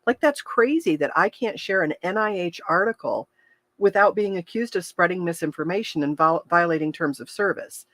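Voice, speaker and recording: A woman's voice: lowish voice, animated, normal speed, fairly bright tone, dry recording. A woman hosting a livestream as a health coach, talking candidly and chattily to her viewers, often restarting sentences and openly emotional, laughing through tears. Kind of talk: casual livestream talk to viewers.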